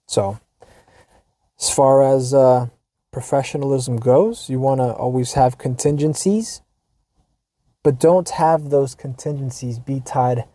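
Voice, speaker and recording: An American man hosting a podcast reads a forum post in a casual, wry, profane monologue, frequently restarting and tossing in quote-unquote asides. His voice is medium-pitched and warm, and there is no echo.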